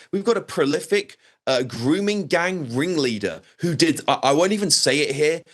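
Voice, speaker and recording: A man's voice: a little high, a bit bright. A man giving emphatic, exasperated commentary on a talk show, often repeating words. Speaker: commentator guest. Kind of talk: opinionated news commentary.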